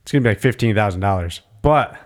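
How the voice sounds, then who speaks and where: A man's voice: lowish voice, lively intonation, fast. Laughing, joking podcast co-host man. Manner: joking, laughs often, acts out a shouting cornerman. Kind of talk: casual podcast banter.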